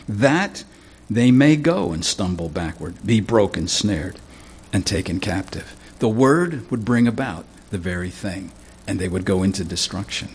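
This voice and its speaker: Guy preaching a bible study sermon, low husky voice, keeps clearing his throat. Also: darkish tone. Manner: teaching through scripture verse by verse, conversational asides.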